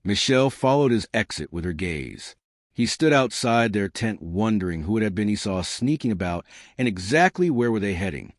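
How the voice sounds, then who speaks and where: Low-voiced man narrating a horror story. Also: animated, dry recording, studio quality. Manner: measured storytelling.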